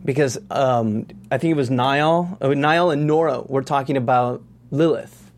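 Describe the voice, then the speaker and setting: A man's voice: medium pitch, a little slow. A man hosting a TV recap talk show, upbeat and chatty as he leads the discussion. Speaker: host.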